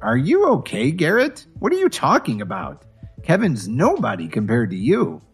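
A man's voice: a little high, huge pitch swings, moderate pace, breathy edge, faint music behind, pitched above the performer's own voice, heavily acted. A man voicing a domineering, scornful middle-aged mother who nags and talks down to people. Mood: insistent. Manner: nagging, contemptuous, loud.

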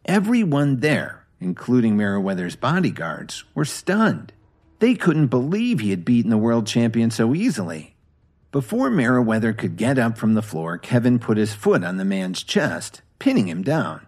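A man narrating a dramatic story with an expressive reading. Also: mid-range voice, moderate pace.

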